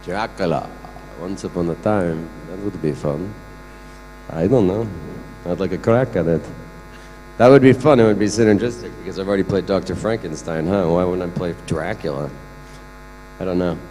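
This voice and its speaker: A man's voice: sits low, normal speed, mellow. A man answering fan questions on a convention panel, joking and laughing often. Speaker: guest actor on a convention panel. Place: large convention hall. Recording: echoey convention hall, faint hum.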